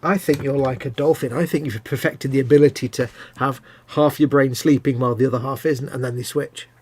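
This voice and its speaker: A man's voice: mid-range voice, steady tone, brisk, darkish tone, husky. A man co-hosting a casual live stream from a home workshop, joking and teasing his partner. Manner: jokey, teasing, chatty. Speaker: co-host.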